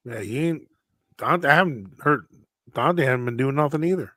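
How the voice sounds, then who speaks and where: A man's voice: mid-range voice, animated, moderate pace, fairly bright tone, dry recording, studio quality. Laid-back man in sports chat. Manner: laid-back, short agreeing replies. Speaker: co-host called Coach.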